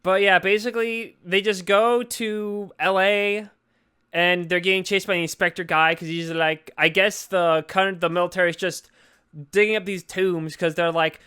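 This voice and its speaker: A young man chatting casually on a movie podcast, rambling and cracking crude jokes. His voice sits high and comes across smooth and clear. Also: fairly even intonation, moderate pace, bright, forceful tone. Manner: profane, rambling, joking. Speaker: podcast co-host. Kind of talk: casual movie review chat.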